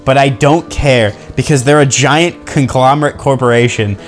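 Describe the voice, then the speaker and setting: A young man chatting casually as a podcast co-host, his voice sitting at an ordinary middle pitch. He tells his story with animated exasperation and slips into quoted voices. Faint music plays in the background. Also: normal speed. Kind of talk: casual chat.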